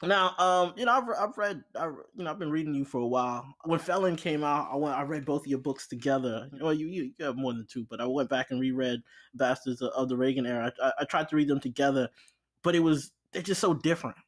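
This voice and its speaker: A man hosting an interview, reflective and warm, asking questions with many halting restarts. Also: medium pitch. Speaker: guest host.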